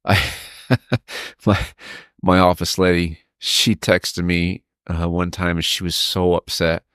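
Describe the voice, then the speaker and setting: Man, very low voice, halting storytelling, dry close mic. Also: clean tone, dry recording. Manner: halting, stops to steady himself when emotional; acts out quoted people with raised pitch. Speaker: podcast co-host. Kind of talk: emotional personal storytelling.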